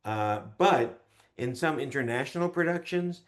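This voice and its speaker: A man teaching an online class in a chatty, relaxed way, pausing often with ums and uhs. His voice sits in an ordinary middle pitch. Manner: chatty, with many fillers and hesitations.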